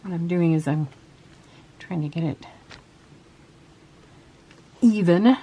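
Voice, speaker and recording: A woman hosting a casual crafting tutorial, talking softly and trailing off as she works at her table. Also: lowish voice, slow pace, pauses often, slight background noise. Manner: soft-spoken, chatty, trails off while working. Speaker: craft video host.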